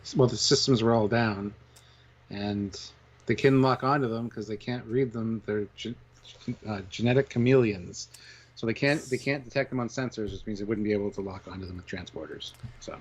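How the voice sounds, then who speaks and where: A man's voice: fairly low pitch, normal speed. A man co-hosting a live review stream, reading out donations in an upbeat way and explaining points. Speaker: co-host reading super chats. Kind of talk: casual live-stream discussion. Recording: slightly dull lo-fi audio.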